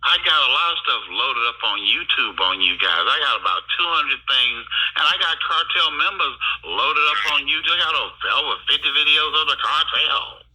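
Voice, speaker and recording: A man's voice: mid-range voice, animated, normal speed, few pauses, bright, forceful tone, husky. A man on a heated phone call who talks in an accusing, insistent way and repeats himself often. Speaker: caller.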